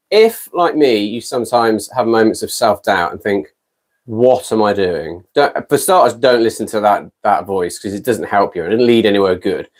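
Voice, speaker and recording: A man's voice: mid-range voice, a little mellow. A British man in his fifties chatting casually on a live stream from his garden shed, rambling and self-deprecating between ukulele songs. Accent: British English. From Britain. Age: 50s. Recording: ukulele strumming under the voice. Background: ukulele playing.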